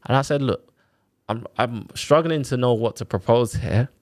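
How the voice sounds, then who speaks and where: A man, telling his own story on a podcast in a casual, animated way, full of quoted back-and-forth and fillers like "like" and "innit". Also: mid-range voice, normal speed. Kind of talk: casual chat, personal story.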